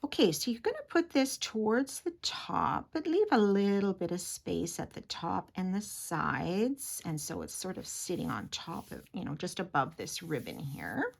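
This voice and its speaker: A woman's voice: on the low side, big pitch swings, normal speed, vocal fry, slightly rough. A woman giving a chatty, giggly craft tutorial, often dropping to a whisper as she works. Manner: chatty, giggly, drops to a whisper while working. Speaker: papercraft demonstrator.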